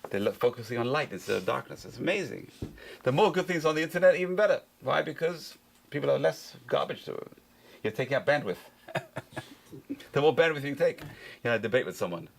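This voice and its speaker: Man, rabbi, gravelly voice, quick informal lecture, repeats key phrases, poses and answers questions. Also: medium pitch, expressive, slight background noise. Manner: conversational, repeats phrases for emphasis, asks and answers his own questions. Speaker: rabbi teaching a class.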